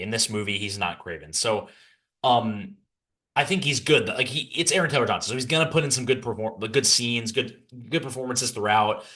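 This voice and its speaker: A young man hosting a podcast, ranting through a casual film review with lots of restarts and asides. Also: medium pitch. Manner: animated, frequent restarts, rambling asides.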